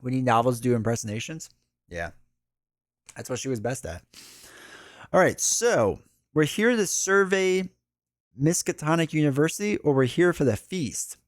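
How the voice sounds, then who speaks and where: A man's voice: a little high, animated, moderate pace, pauses often, no room sound, studio quality. A man streaming a live card game playthrough, chatting casually, reading the story aloud and joking about himself. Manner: chatty, self-deprecating, laughs often.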